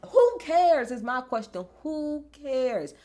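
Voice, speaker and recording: A woman's voice: high voice, big pitch swings, slow, dark tone. A woman reviewing a wrestling show in a casual, emphatic vlog, swearing freely and talking animatedly.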